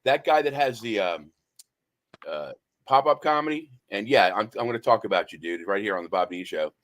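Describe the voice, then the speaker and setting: A man's voice: on the low side, lively intonation, a little fast, a bit bright. A man hosting a talk radio show, telling stories in a rambling, hesitant way. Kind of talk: casual talk radio chat.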